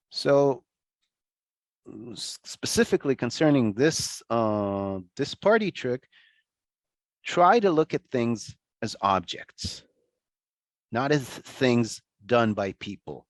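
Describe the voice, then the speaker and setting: A man giving an online lecture over a video call, talking in a conversational, animated way with many restarts and asides. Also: mid-range voice, no room sound.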